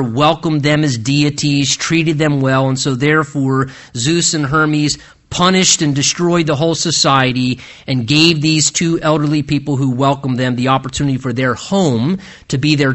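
A man preaching a sermon as pastor, earnest and emphatic, rising to high stresses and dropping to hushed low phrases.

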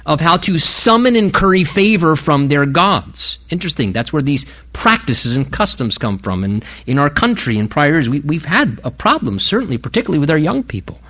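A man's voice: moderate pace, few pauses, highs cut off. A male pastor preaching a sermon, retelling a story and acting out the speakers with big swings of voice. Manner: animated storytelling, acting out quoted speakers with big pitch jumps.

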